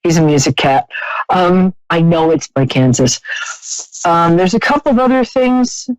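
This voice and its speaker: A woman's voice: lowish voice, lively intonation, unhurried, no room sound, rough recording. Woman, psychic radio host, chatty, laughs a lot, dry close sound. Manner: chatty, warm-hearted, laughs often, trailing restarts. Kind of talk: live call-in psychic reading.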